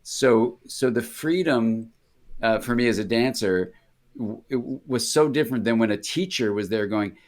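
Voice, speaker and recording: An older American man, a psychiatrist appearing as an interview guest, speaks at medium pitch and normal speed. He tells casual anecdotes in a rambling, self-interrupting way, frequently restarting and acting out voices.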